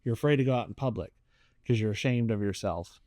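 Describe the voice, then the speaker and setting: A man chatting casually as a podcast co-host, animated, acting out characters' lines as he talks. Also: fairly low pitch, quick pace, no room sound, clean studio sound. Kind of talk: casual chat reviewing a series.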